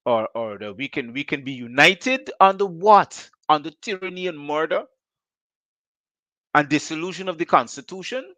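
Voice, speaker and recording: A man's voice: on the high side, moderate pace, pushed and bright, dry recording. A Guyanese man hosting a call-in show, firing off rhetorical questions in a fiery political monologue.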